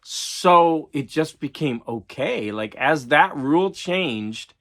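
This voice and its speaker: A man's voice: fairly high pitch, expressive, slow pace, fairly bright tone. A middle-aged man, a teacher and collector, talking to camera in a loose, rambling monologue full of "like" and restarts. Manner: rambling, repeats himself, filler-heavy with "like".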